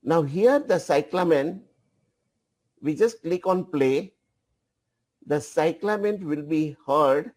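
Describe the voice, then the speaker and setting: A man giving a live software demonstration as trainer, repeating phrases and directing an assistant at the controls. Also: fairly high pitch, takes it slowly, pauses often.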